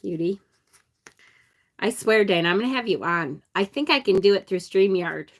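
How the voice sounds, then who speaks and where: A woman's voice: mid-range voice, animated, moderate pace. A woman with an upstate New York accent, hosting a casual live-stream card deck unboxing, chatting and laughing with viewers. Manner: chatty, reads viewer comments aloud, laughs often. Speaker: tarot channel host.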